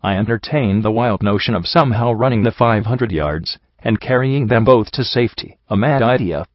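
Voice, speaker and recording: Male narrator, low voice, earnest first-person story reading, dry muffled lo-fi recording. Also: normal speed, dry recording. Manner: earnest, emotional.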